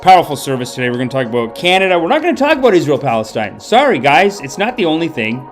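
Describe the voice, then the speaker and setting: A man's voice: on the high side, sing-song, quick pace, faint music behind. Rambling man hosting a mock-preachy livestream. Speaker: comedy livestream host. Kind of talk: mock-guru livestream banter. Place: home streaming setup.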